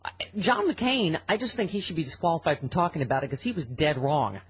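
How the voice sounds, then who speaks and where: A woman's voice: low voice, expressive, fast talker, husky. A woman hosting a radio talk show, chatting and arguing in an exasperated way with frequent laughs and restarts. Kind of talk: casual radio chat. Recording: slightly muffled radio broadcast.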